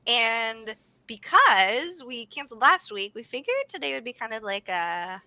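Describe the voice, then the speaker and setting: A young woman from the United States co-hosting a livestream, chatting in a bubbly, fast way with plenty of laughter. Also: fairly high pitch, big pitch swings, sharp tone, dry recording. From United States (grew up in Sacramento). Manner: bubbly, fast, laughing, says "oh my gosh" often. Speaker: livestream co-host. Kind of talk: casual chat.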